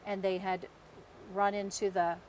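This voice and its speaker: An American woman in her fifties co-hosts a podcast, telling a long personal story in casual chat, acting out the voices and laughing often. Her voice is medium-pitched, level, a little slow and a little mellow, with a faint hiss or hum in the background.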